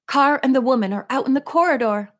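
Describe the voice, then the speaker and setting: A woman's voice: mid-range voice, unhurried, natural voice. A frightened older father translates in a raised, anxious voice, close to panic, as a woman reading a storybook puts him on. His speech comes out urgent and pleading. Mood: alarmed.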